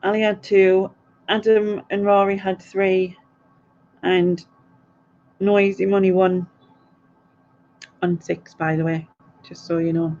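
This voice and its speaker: A young woman hosting a casual late-night livestream quiz and chat. She rambles, reads viewer comments aloud and laughs softly between them. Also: fairly low pitch, little pitch movement, slow, pauses often. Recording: dull, lo-fi stream audio.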